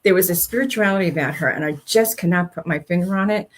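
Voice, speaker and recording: An older woman co-hosting a faith-based talk show, chatting casually and telling animated stories with acted-out dialogue. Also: on the low side, quick pace. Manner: animated storyteller, acts out quoted speech. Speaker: co-host.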